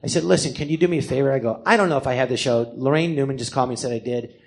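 A man's voice: mid-range voice, very fast. A man, a comedian, telling his life story on a live podcast, acting out the voices of the people in it and swearing freely. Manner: animated, acts out other people's voices in quotes; swears freely, self-deprecating. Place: theater stage before a live audience.

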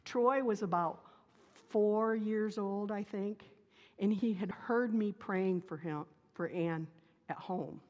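A woman's voice: mid-range voice, slow, highs cut off. Woman pastor preaching in a reverberant church. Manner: lively, animated storytelling with playful humor. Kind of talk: sermon with personal storytelling. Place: church sanctuary.

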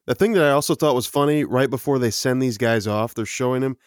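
A man's voice: mid-range voice, fast talker, no echo, clean studio sound. Laughing man chatting about a film. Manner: laughing, animated, quotes his own reactions. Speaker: podcast co-host. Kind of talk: casual movie recap chat.

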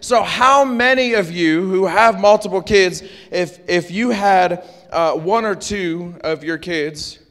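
A man preaching a sermon, animated and joking, with call-and-response asides to his congregation. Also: sits high, slow, hardly any pauses. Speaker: pastor. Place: church sanctuary. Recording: long hall reverb.

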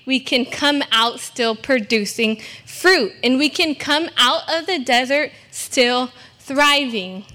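The guest preacher, a young woman from California, gives an earnest, emphatic sermon at a church service in a high-pitched, pushed, bright voice. Self-deprecating asides are sprinkled throughout.

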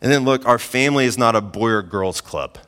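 A man's voice: medium pitch, fairly quick, fairly bright tone. A man in his thirties, a pastor preaching in a casual, conversational way, often saying "like" and repeating himself for emphasis. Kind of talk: sermon. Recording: hall reverb.

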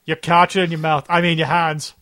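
A man's voice: a little high, flat delivery, brisk, bright, forceful tone. A man hosting a casual film commentary, joking and rambling with friends. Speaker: commentary host.

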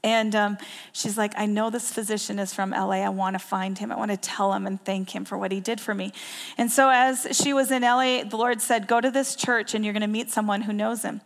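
A woman's voice: mid-range voice, steady tone, a little fast. A woman preaching a sermon, telling a story in earnest and repeating key phrases for emphasis. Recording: long hall reverb.

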